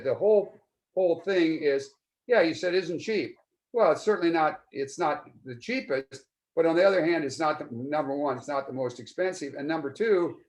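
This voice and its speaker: A man's voice: a little high, a little mellow. A man in his seventies giving a client testimonial in a casual interview, earnest and rambling, often restarting his sentences. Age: 70s. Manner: earnest, rambling, with many repeated starts.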